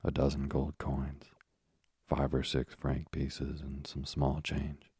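A man narrating a novel as an audiobook, in a steady, even storytelling voice. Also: slow, dry recording, studio quality. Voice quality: deep gravelly husky voice. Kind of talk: scripted narration.

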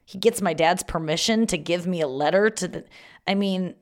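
A woman's voice: fairly low pitch, normal speed. A woman hosting a podcast in a rambling, casual monologue, swearing freely and joking at her own expense. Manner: chatty, rambling, profane and self-mocking. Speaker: podcast host.

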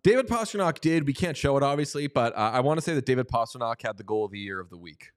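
A man's voice: medium pitch, expressive, smooth, no echo, studio quality. A man co-hosting a podcast, wisecracking and upbeat in casual hockey talk. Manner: quick, wisecracking, enthusiastic. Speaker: podcast co-host. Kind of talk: casual sports chat.

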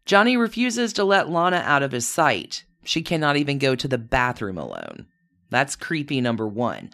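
Chatty storyteller with a lively pitch. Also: moderate pace. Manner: chatty, with wry personal asides. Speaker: podcast host. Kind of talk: casual true-crime storytelling.

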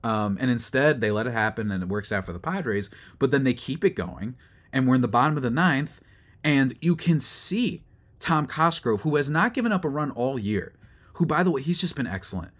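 A man's voice: mid-range voice, expressive, normal speed. Man ranting about a baseball game. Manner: exasperated, ranting, rising to loud outbursts; rambling with fillers and restarts. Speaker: sports podcast host. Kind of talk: solo sports recap rant.

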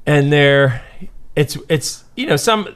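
A man's voice: a little high, expressive, takes it slowly, fairly bright tone, clean tone. A middle-aged man telling stories as a podcast guest, rambling and profane, with many restarts. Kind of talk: casual podcast chat.

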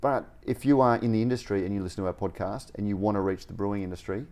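Rambling podcast co-host, mellow voice. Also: male voice, on the low side, steady tone, quick pace. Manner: rambling, laughs often. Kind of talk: casual podcast chat.

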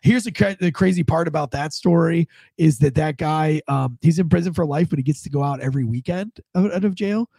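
A man with a head cold hosts a casual commentary show, rambling through stories with lots of fillers and restarts. His voice is gravelly and mellow, slightly higher than most men's, and sounds stuffed up. The recording is dry and close. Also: fairly quick, hardly any pauses, no room sound. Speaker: host.

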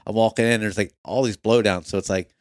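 A man's voice: fairly low pitch, steady tone, quick pace, dry recording, clean studio sound. A man in casual conversation, telling a story earnestly and acting out his own thoughts.

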